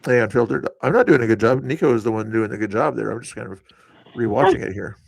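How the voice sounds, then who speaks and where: A fast-talking man with a creaky, medium-pitched voice hosts a livestream with no echo. Conversational and loose, he discusses politics, laughing and remarking on clips as he rewatches them.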